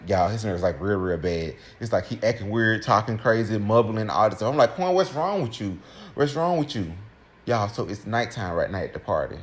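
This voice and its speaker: A young man telling a personal story to his viewers in a casual, animated way, speaking straight to his audience. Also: fairly low pitch, slight background noise. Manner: animated, keeps addressing listeners directly. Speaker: storytime vlogger.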